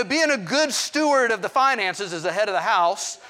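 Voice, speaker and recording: A middle-aged man preaching by telling a story on himself, candid and ready to poke fun at his own faults. His voice sits high for a man and comes across bright and forward. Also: expressive, normal speed. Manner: candid, self-deprecating storytelling with asides. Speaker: pastor. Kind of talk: storytelling sermon.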